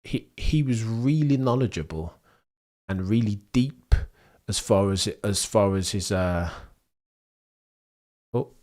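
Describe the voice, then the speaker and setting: A young British man hosting a live sports watchalong, chatting with viewers and reacting to the race in a rambling, excitable way. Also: fairly low pitch, takes it slowly, pauses often. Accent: British English. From England. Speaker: livestream host. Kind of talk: live sports watchalong commentary, reading chat.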